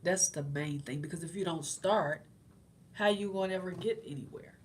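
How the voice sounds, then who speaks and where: A middle-aged woman running her own channel encourages viewers in their faith, speaking conversationally and repeating herself often. Her voice is on the low side at a moderate pace, with a little hiss or hum in the recording.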